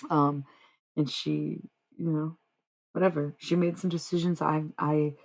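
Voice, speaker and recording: A woman's voice: low-pitched, level tone, unhurried, gravelly, darkish tone. A woman livestreaming, chatting casually to her viewers in a rambling, slangy, frank way. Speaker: livestreamer and singer.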